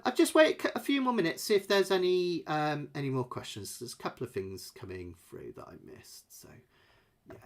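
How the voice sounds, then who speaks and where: A middle-aged man, rambling and chatty as he hosts a live ukulele lesson Q&A from home. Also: medium pitch. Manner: chatty, rambling, self-deprecating, fillers. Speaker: ukulele teacher.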